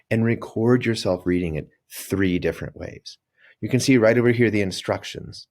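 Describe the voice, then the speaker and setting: Gravelly, lively-voiced male teacher. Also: lowish voice. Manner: lively, coaxing, talks straight to kids. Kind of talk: recorded reading lesson for children.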